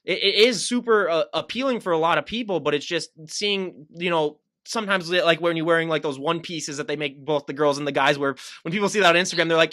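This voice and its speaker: Fast-talking chatty male podcast host. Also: on the high side, sharp tone, dry recording, studio quality. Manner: rambling, chatty, many fillers and restarts. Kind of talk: casual interview chat.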